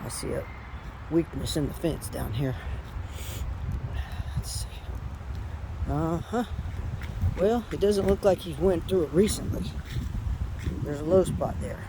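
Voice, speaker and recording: A woman's voice: deep voice, expressive, unhurried, pauses often. A woman walking around her homestead yard with a handheld camera, chatting casually and talking to her animals as she goes. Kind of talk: casual walk-and-talk vlog. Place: outdoors on a homestead yard after a storm. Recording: noisy outdoor recording.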